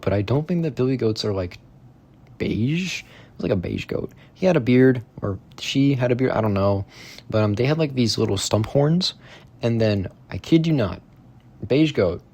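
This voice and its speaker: A man's voice: fairly low pitch, darkish tone. A man telling a rambling, casual story to his viewers, full of fillers, asides and swearing, in a tone of amused disbelief. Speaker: vlogger.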